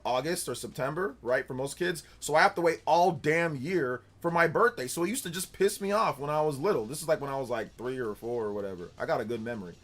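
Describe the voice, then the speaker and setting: A young man hosting a casual livestream, chatting loosely and reading viewer comments aloud in a rambling, animated way. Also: fairly high pitch. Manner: rambling and animated, with filler words and restarts. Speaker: streamer host.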